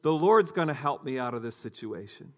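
A man's voice: medium pitch, lively intonation, brisk, natural voice. A man voicing a stubborn stranded man adrift at sea who insists on refusing help. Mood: insistent.

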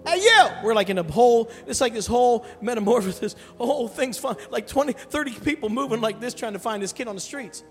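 A man preaching a sermon as pastor, telling a story with animated, emphatic delivery and calling out to the congregation. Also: very high-pitched, fast talker, few pauses. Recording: long hall reverb with soft music behind.

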